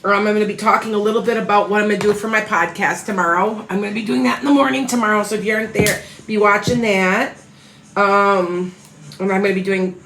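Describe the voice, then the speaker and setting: A woman's voice: medium pitch, fairly bright tone, reverberant, slight background noise, low-quality recording. A tired woman reading tarot, chatting casually and rambling on a livestream as she greets viewers by name. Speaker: tarot reader.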